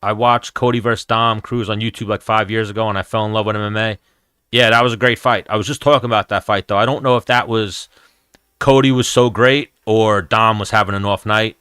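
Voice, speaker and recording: A man's voice: fairly low pitch, fairly bright tone, clean tone, dry recording, studio quality. A man, hosting a casual MMA chat stream in a blunt, profane, rambling way. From New York, USA. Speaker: MMA show host answering chat.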